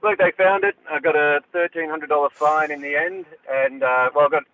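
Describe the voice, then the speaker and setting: A man calls in to a radio show and tells a story in a relaxed, rambling way. His voice sits slightly high and comes through a tinny phone line. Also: a little fast, no room sound. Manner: laid-back, rambling storytelling. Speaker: caller. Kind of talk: phoned-in anecdote.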